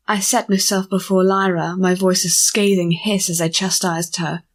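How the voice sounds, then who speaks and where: A woman narrating an audiobook chapter in a measured storytelling manner. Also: fairly low pitch, level tone. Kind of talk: scripted narration.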